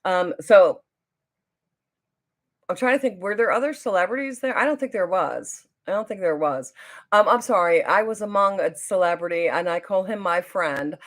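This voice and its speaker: A woman's voice: medium pitch, normal speed. A middle-aged woman telling a long story on her live stream, rambling and chatty, with lots of fillers and restarts. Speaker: YouTuber hosting a live stream.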